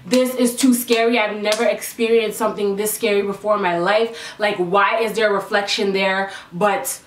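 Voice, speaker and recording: A woman's voice: mid-range voice, moderate pace, recorded from a distance. Roomy-sounding young woman vlogger. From Canada. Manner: animated, breathless retelling of a frightening experience. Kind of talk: casual storytelling to camera. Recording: roomy sound, voice a little off-mic.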